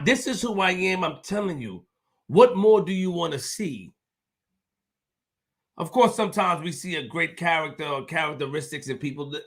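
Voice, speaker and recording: A male host talking to viewers on a livestream, repeating himself and swinging from low muttering to shouting. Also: gravelly. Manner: repetitive, emphatic. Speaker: show host.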